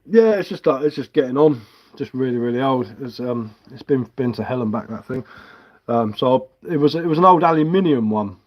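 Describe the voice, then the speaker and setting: Casual bloke, easygoing live-stream chatter, muffled lo-fi audio. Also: male voice, medium pitch, brisk. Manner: relaxed, rambling, self-mocking. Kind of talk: casual chat while carving. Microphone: headphones with mic.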